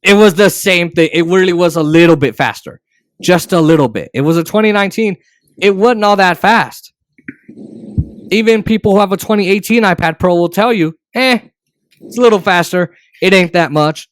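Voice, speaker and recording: A man's voice: high-pitched, a little fast, no room sound. Opinionated man hosting a tech chat. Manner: opinionated, sarcastic, many restarts. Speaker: podcast host. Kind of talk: casual tech podcast chat.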